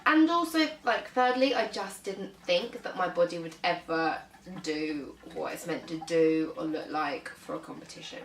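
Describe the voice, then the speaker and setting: A woman's voice: lowish voice, normal speed, hardly any pauses, roomy sound, far from the mic, slight background noise, low-quality recording. A young British woman vlogging casually about her fitness, chatty, with lots of "um" and "like". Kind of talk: casual vlog talk.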